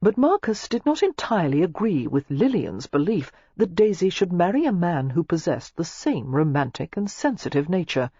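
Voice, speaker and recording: An audiobook narrator reading a novel in a measured storytelling manner, with a husky voice. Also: mid-range voice, big pitch swings, mellow, dry recording, lo-fi sound. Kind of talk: scripted narration.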